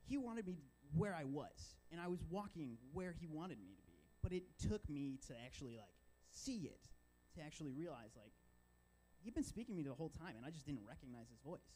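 A man's voice: fairly high pitch, big pitch swings, a little fast, dark tone, slightly rough, rough recording. A young man, a church intern, sharing a casual personal testimony full of fillers.

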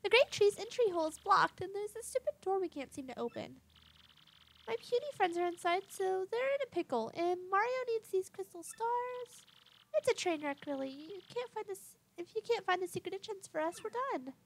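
A woman voicing a perky young girl sidekick who chatters quickly. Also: very high voice, lively intonation, pitched above the performer's own voice.

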